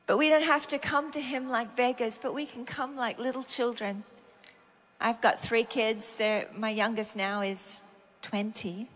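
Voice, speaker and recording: A middle-aged Australian woman with a fairly high voice preaches a sermon at a measured pace. She's animated, telling personal stories and acting out her own prayers and conversations.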